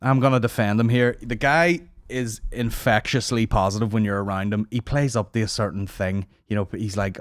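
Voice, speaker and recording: The host of this comedy podcast, a man in his thirties with a voice on the low side, rants casually at normal speed: rambling, sarcastic, swearing all the way. He records on a studio microphone, and the sound is dry.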